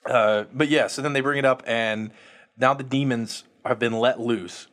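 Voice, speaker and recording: A man's voice: medium pitch, fairly even intonation, moderate pace, a bit bright. Laughing, foul-mouthed man recapping a film. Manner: profane, laughing, retells scenes with quoted lines. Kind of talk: casual movie review chat.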